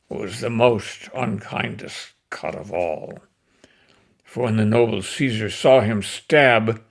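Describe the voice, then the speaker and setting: A man's voice: mid-range voice, gravelly, heavily acted. A man reading the part of a grieving Roman orator, declaiming to stir a crowd. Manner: impassioned, declamatory.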